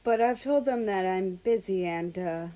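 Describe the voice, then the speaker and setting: A woman's voice: mid-range voice, normal speed, warm tone, close to an everyday voice. A woman reading a story aloud and voicing an eager, friendly young man who plays a personified country, in a lightly lifted voice.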